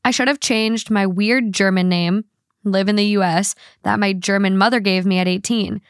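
A woman hosting a podcast in casual chat, blunt and quick to swear. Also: medium pitch, steady tone, no room sound, studio quality. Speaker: podcast host.

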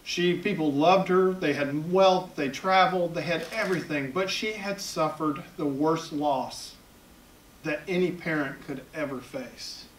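A Southern man in his fifties tells stories from his cartooning career to an audience, chatty and quick to poke fun at himself. His voice sits fairly high for a man. He is picked up from a distance in a roomy, echoing hall. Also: a little hiss or hum. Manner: chatty, self-deprecating humor. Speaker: editorial cartoonist giving a talk. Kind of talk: public talk to an audience. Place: event hall at a library. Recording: echoey hall, picked up from far off.

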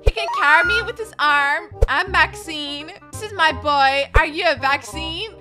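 A woman giving playful, sassy gameplay commentary, teasing other players and reading chat aloud with attitude. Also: high voice. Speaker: gaming YouTuber. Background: background music.

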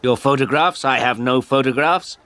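A man's voice: mid-range voice, normal speed, fairly bright tone, pitched above the performer's own voice, close to an everyday voice. A man voicing a woman at the door who is curt and dismissive.

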